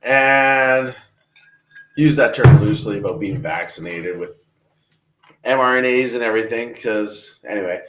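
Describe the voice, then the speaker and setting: A man's voice: mid-range voice, measured pace, long pauses, a bit bright, echoey room, slight background noise, low-quality recording. A man from Canada co-hosting a casual political podcast, laid-back and blunt. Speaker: podcast co-host.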